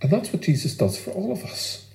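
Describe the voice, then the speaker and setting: A man preaching a sermon in an earnest, emphatic way, leaning on pauses for weight. His voice sits a little higher than most men's. The sound carries a roomy echo. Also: big pitch swings, gravelly, darkish tone. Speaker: pastor.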